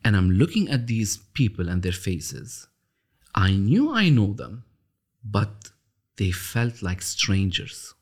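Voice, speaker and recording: A man with a fairly low voice talks through his ideas in an interview. He speaks thoughtfully, with frequent pauses, restarts and slowed-down emphasis. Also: sing-song, breathy edge. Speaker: interview guest, author of a love system. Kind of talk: reflective storytelling interview.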